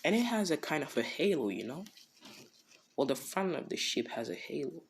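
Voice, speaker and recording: Casual fan storyteller, rambling and animated, filler-heavy delivery, a man. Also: on the high side, normal speed, gravelly, a little hiss or hum.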